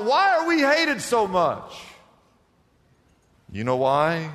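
A man's voice: mid-range voice, fairly bright tone, in a large hall. A man preaching a sermon as pastor, emphatic and firing off rhetorical questions to the congregation.

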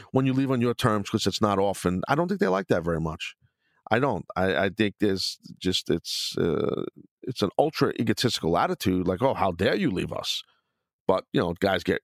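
A man's voice: on the low side, no echo, clean studio sound. A man hosting his own podcast, answering listener questions in a blunt, rambling, profane way. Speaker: podcast host.

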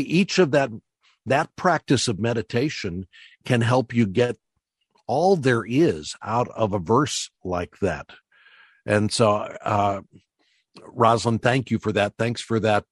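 Low-voiced male radio host, dry sound. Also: dry recording. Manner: slows down to stress words when teaching. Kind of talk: call-in radio talk.

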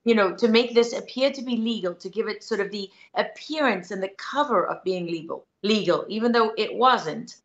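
A woman journalist answers interview questions in an earnest, insistent way, laying out her argument point by point. Her voice is mid-pitched. The sound is dull and lo-fi. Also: moderate pace, few pauses. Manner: earnest and insistent, building her case step by step. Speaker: guest journalist.

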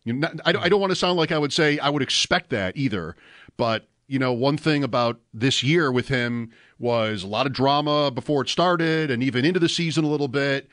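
A man's voice: mid-range voice, fairly quick, a bit bright, dry recording, clean studio sound. A man chatting about football on the radio, reflective and thoughtful, often restarting his sentences. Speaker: sports radio talker. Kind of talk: casual sports radio chat.

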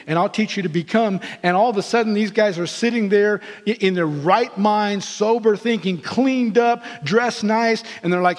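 High-voiced man preaching in a reverberant sanctuary. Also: normal speed, few pauses. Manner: animated storytelling, acting out quoted characters. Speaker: pastor. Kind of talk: sermon. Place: church sanctuary.

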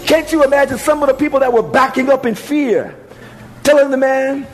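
A man's voice: very high voice, fairly quick, faint music behind, low-quality recording. A man preaching a sermon as pastor, repeating phrases and swinging his emphasis up and down.

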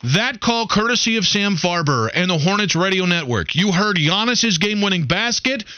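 Bright-voiced sports radio host, a man. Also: sits high, lively intonation, no echo, dull audio. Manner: brisk show-opening delivery with fillers.

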